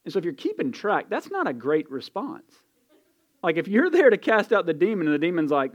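A man delivering a sermon in a chatty, down-to-earth manner, leaning hard on his key points. His voice sits slightly higher than most men's. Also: wildly swooping pitch, fairly quick, lo-fi sound. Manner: conversational, emphatic preaching with casual asides. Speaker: pastor. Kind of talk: expository sermon.

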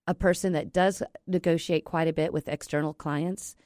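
A woman's voice: low voice, steady tone, normal speed, a little mellow, no echo, studio quality. A woman giving a chatty, rambling talk on negotiating, with many fillers and restarts. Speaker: negotiation trainer. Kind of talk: casual instructional talk.

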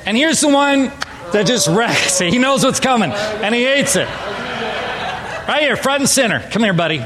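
A man's voice: very high-pitched, expressive, moderate pace, in a large hall, noisy background. A man from Southern California preaching a sermon to his church, talking conversationally and joking with the congregation. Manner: conversational, playful with audience. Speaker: pastor. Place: church sanctuary.

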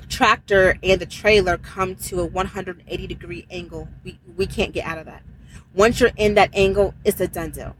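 A woman's voice: medium pitch, slight background noise, low-quality recording. A woman, a truck driver, telling a personal faith story in casual, emphatic speech with exclamations. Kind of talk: casual spoken testimony.

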